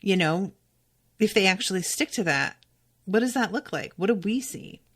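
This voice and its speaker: A woman's voice: medium pitch, moderate pace, slightly rough. A woman hosting a podcast, recapping a TV episode in a casual, emphatic way, swearing freely and talking straight to her listeners. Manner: animated, emphatic, talks to listeners directly. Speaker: podcast host.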